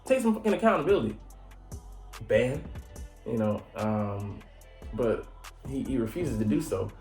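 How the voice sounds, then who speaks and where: A man's voice: lowish voice, very animated, normal speed, darkish tone. A man casually recapping an anime episode as a channel host, rambling and profane with lots of fillers. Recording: echoey room with faint music.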